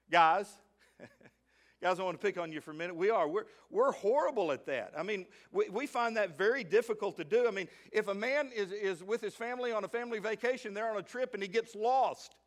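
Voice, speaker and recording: High-voiced man preaching a lively sermon. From Arkansas, USA. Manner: preaches with emphatic swings in pitch and volume, slows for scripture. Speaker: pastor. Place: church sanctuary.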